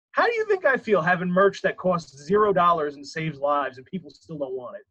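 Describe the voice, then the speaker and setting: A podcast guest, a man with a fairly high, pushed, bright voice, rambles through stories in a casual interview, often laughing at himself. He talks briskly with hardly any pauses and big swings in pitch. The recording sounds lo-fi and dull.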